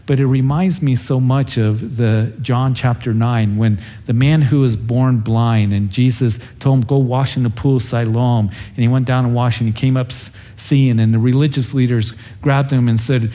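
A man's voice: medium pitch, fairly even intonation, normal speed, mellow. A man preaching as pastor, teaching through a Bible story in an earnest, conversational way and acting out the characters' lines. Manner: storytelling, acts out the characters with a raised voice.

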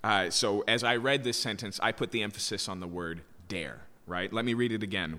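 A man's voice: fairly low pitch, fairly quick, few pauses, sharp tone. Emphatic male pastor in a reverberant church. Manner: emphatic, explanatory, asks rhetorical "right?". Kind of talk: sermon. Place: church sanctuary. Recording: long reverb of a church hall.

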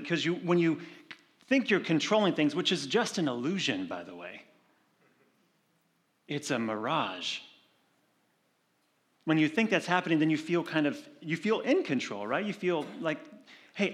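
A male pastor giving a sermon, talking conversationally and slowing down to read scripture. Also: a little high. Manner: conversational preaching with animated retold stories; slows and softens for scripture reading.

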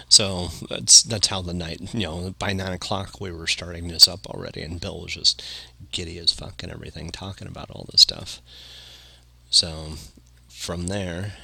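A man's voice: low voice, creaky, pushed and bright, slightly rough, no room sound. A man hosting a podcast, telling a long casual anecdote in a rambling way, full of filler phrases. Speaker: podcast host.

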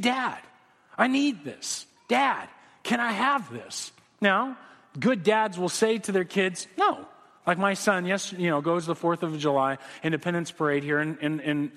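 A man's voice: sits high, fairly bright tone. A man preaching a sermon as pastor, conversational, acting out his children's voices. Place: church sanctuary. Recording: long reverb of a church hall.

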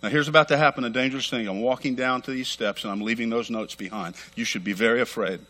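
A middle-aged man preaching a sermon as pastor, fervent and emphatic, talking rapidly and repeating phrases for weight. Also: mid-range voice, fairly even intonation, sharp tone. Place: church sanctuary. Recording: long hall reverb.

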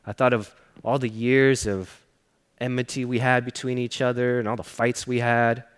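A man preaching a sermon, telling a personal story earnestly and often dropping to a hushed voice. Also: medium pitch, little pitch movement, normal speed, clean tone. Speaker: pastor. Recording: long reverb of a large hall.

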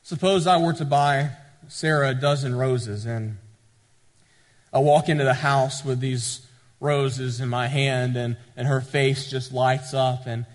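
A man's voice: mid-range voice, steady tone, unhurried, in a large hall. A male pastor, preaching a sermon with rising emphasis and frequent repetition.

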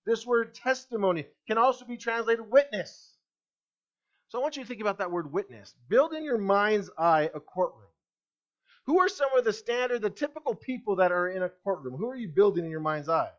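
A man's voice: sits high, lively intonation, brisk, fairly bright tone, highs cut off. A man preaching a sermon as pastor, emphatic, asking the congregation rhetorical questions.

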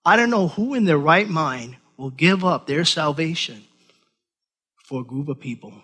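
A man with a high-pitched voice delivering an animated sermon. He acts out scripture scenes with bursts of emphasis, then drops to hushed, reflective asides. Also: normal speed, slightly rough. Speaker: preacher.

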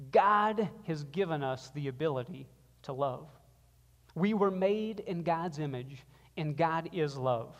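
A male pastor preaching a sermon to his congregation, swinging between loud emphasis and quiet passages and drawing the room into call-and-response. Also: fairly high pitch, animated, a little slow. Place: church sanctuary. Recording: long reverb of a church hall.

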